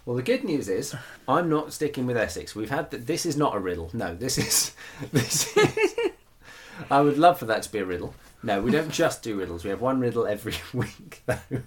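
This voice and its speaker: A man's voice: medium pitch, very animated, moderate pace. A man co-hosting a casual chat show, reading out listener comments in a teasing, wry way and laughing often. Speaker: podcast co-host.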